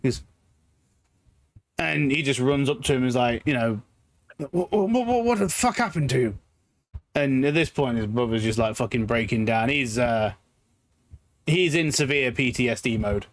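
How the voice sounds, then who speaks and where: A man's voice: medium pitch, normal speed, long pauses. A man running a tabletop game as game master, narrating loosely with lots of fillers and swearing. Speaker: dungeon master.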